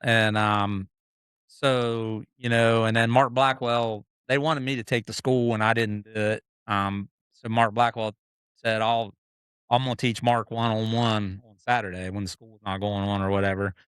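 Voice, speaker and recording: Middle-aged guest storyteller, smooth, dry close sound, animated, acts out others. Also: male voice, lowish voice, measured pace, dry recording. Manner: animated, acts out quoted people, frequent restarts. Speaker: podcast guest, motocross racer. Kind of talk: casual storytelling.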